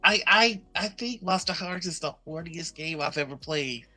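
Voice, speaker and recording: A man's voice: fairly high pitch, normal speed, pushed and bright, faint music behind. A man co-hosting a casual tabletop-games chat show, rambling and laughing often. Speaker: co-host.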